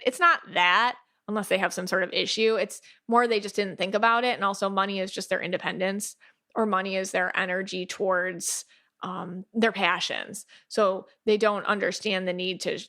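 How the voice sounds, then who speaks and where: A woman hosting a podcast, talking in a chatty, animated way with lots of fillers and playful quoted asides. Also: medium pitch, normal speed. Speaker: podcast host. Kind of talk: casual podcast monologue.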